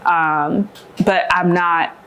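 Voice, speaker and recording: An earnest woman in her thirties chats with her sister on a podcast, thinking aloud with fillers and restarts. Her voice sits a little low for a woman. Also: fairly even intonation, drawn-out words, pushed and bright, smooth. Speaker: podcast guest, older sister. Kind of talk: casual chat.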